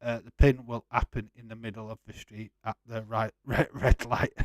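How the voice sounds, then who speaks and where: A man's voice: mid-range voice, little pitch movement, moderate pace, no room sound. A man hosting a casual live watch-along, chatting loosely and laughing often. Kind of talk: casual live-stream chat.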